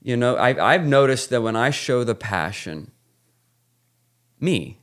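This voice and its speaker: A man's voice: mid-range voice, very animated, unhurried. A man hosting a casual podcast chat, telling stories from his work as a music photographer and often trailing off mid-sentence. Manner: tells anecdotes with laughs, trails off mid-sentence.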